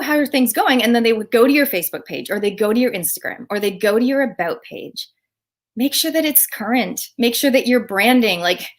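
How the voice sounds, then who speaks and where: Addressing viewers directly in a Facebook live coaching talk, an enthusiastic woman business coach speaks to her online audience. Her mid-range voice is upbeat, with lively rises and dips.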